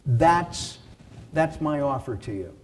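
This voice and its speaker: A man pitching his video coaching to a live audience in an unhurried, conversational way. His voice rises and falls as he talks, and he sometimes restarts a sentence. A faint noise sits behind him. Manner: animated, conversational, with filler words and restarts.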